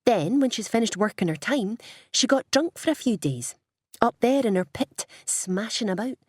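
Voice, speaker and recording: A woman voicing a wry, matter-of-fact teenage girl, pitched above her narration. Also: animated, normal speed, darkish tone, breathy edge, no echo, clean studio sound.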